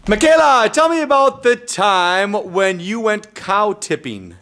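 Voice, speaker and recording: Male improv leader hosting kids' sketches; brisk cueing voice, fairly high with a very lively pitch. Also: a little hiss or hum. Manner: brisk, calls out prompts and names.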